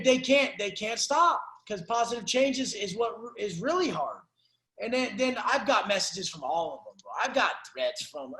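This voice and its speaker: A man's voice: very high voice, pushed and bright, roomy sound, rough recording. A man coaching a client on a call, ranting in an intense, profane, preachy motivational way. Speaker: life coach.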